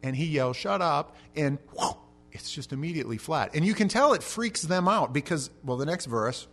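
A man preaching an expository sermon, telling the story with animated energy and shouting out the quoted lines. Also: fairly high pitch, normal speed. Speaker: pastor.

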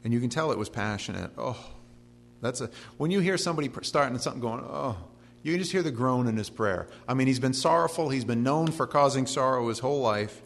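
A man's voice: mid-range voice, expressive, fairly quick, vocal fry. A middle-aged man preaching a verse-by-verse sermon. He reads long lists of names and breaks in with folksy, joking asides. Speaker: pastor. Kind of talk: expository sermon. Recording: long hall reverb with faint hum.

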